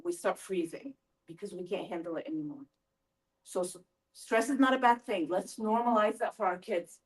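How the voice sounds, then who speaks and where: A middle-aged woman giving a lively parent workshop talk, asking her audience questions as she goes. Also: medium pitch, normal speed. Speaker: school family-engagement presenter. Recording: voice from a distance from the mic.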